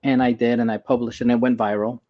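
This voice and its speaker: Talking fast in a medium-pitched voice, this man, an emergency doctor, animatedly relates personal stories as a casual interview guest and acts out the quoted lines. The audio is a bit dull and lo-fi.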